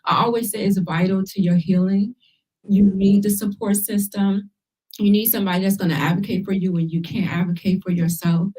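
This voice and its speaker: Mellow-voiced woman host, a bit distant. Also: medium pitch, fairly quick. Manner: encouraging, conversational, uses lively quoted asides. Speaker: talk show host. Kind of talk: casual talk show chat.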